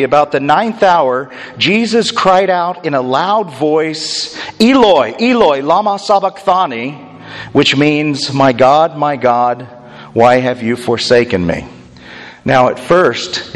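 A man preaching a sermon, explaining scripture and growing more emphatic as he goes. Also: long reverb tail. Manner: expository, rising to emphatic pitch when quoting.

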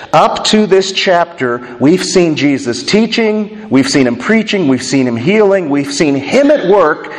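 Male pastor, sermon, somewhat high voice, long hall reverb, slows and drops quiet for emphasis. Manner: expository, drops low and quiet on key words, slows for emphasis.

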